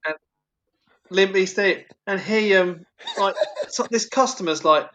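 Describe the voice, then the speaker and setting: A man's voice: sits high, a little slow, fairly bright tone. A young man, a podcast co-host, telling work stories in casual, sweary banter. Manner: swearing, storytelling with put-on quoted voices.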